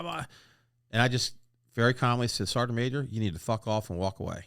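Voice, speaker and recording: A man's voice: medium pitch, quick pace, fairly bright tone, no room sound, clean studio sound. An older man telling blunt, profane war stories as a guest in a casual interview. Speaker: guest, retired Marine master gunnery sergeant. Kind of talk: casual podcast interview storytelling.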